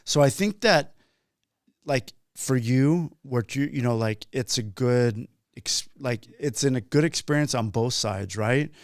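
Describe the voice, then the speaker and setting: A man's voice: mid-range voice, measured pace, no echo. Male podcast host, mid-range voice, dry close sound, loose and rambling delivery. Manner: rambling, with frequent restarts and fillers. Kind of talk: casual chat.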